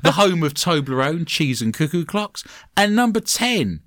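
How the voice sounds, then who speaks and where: A man with an English accent hosting a podcast, chatting in a joking, animated way. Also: fairly high pitch, normal speed, dry recording, studio quality. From England. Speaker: podcast host. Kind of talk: casual podcast chat.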